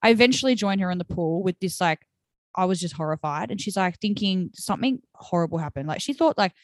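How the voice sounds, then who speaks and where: A young woman co-hosting a podcast, telling a story in casual chat, animated and swearing, with lots of "like" and "right?" fillers. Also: lowish voice, quick pace, no room sound. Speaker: podcast co-host.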